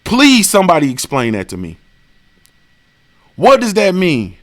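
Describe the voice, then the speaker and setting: A man's voice: sits high, huge pitch swings, measured pace, a bit bright. A man hosting a boxing stream, ranting in a profane, casual way and firing off repeated rhetorical questions. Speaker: boxing show host. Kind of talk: live-stream rant.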